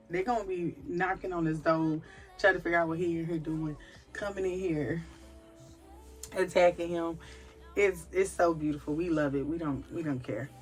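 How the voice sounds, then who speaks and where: A pregnant woman and mother of a big family, talking to camera about faith in an emphatic, animated, storytelling way. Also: low voice. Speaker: vlogger, mother of a large family. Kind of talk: candid faith-filled personal talk to camera.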